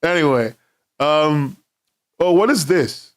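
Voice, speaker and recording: A young man talks to his stream viewers from home, his voice sitting slightly high for a man. He rambles casually, swears freely and breaks into laughs often. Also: expressive, slow pace. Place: London, indoors at home.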